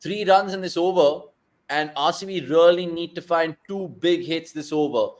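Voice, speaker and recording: A young man hosting a live cricket watchalong, joking around and bursting into loud excitement at big moments. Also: fairly high pitch, normal speed. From India. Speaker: watchalong host.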